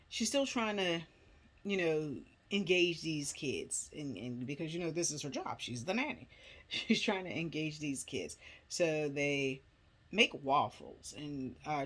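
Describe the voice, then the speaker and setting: A woman's voice: low voice, fairly bright tone, husky. A woman casually retelling a film's plot in a chatty, rambling way, full of filler words. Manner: chatty, rambling, many "you know" fillers. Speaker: movie recap vlogger. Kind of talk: casual movie plot recap.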